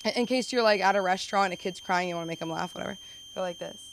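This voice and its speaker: A woman's voice: fairly low pitch, racing, vocal fry, a little hiss or hum, low-quality recording. A young woman doing a stand-up set at an open mic, chatty and self-deprecating, often slipping into silly voices. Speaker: stand-up comedian. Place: comedy club stage.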